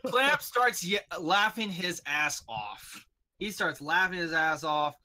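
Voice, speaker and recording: A man runs a tabletop game with animated narration, his pitch swinging widely. His voice is bright and forceful. He sits a little high for a man. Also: slow pace. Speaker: game master.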